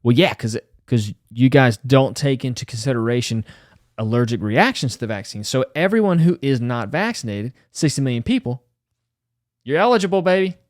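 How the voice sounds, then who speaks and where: Male host, mid-pitched, reads news deadpan with snarky asides; very dry, close sound. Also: moderate pace, no room sound. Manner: sarcastic, mocking, deadpan. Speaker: podcast host. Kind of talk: reading news aloud with sarcastic asides.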